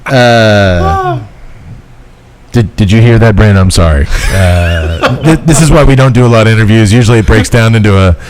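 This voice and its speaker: A man's voice: on the low side, moderate pace, over music. A man hosting a podcast, teasing his guest in casual chat. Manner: joking, teasing. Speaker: podcast host.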